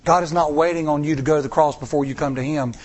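A man's voice: fairly high pitch, steady tone, fast, darkish tone. A middle-aged man preaching a sermon to a congregation, with repeated rhetorical questions and rising emphasis. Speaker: pastor.

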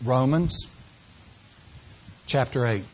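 A man preaching a sermon to a congregation, asking them questions and shifting between slow, drawn-out phrases and quick runs. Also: mid-range voice, a little mellow, husky. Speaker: pastor.

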